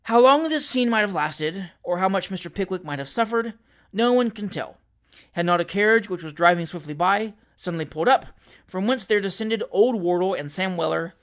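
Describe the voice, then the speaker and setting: High-voiced male novel narrator. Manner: measured, expressive storytelling. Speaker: audiobook reader.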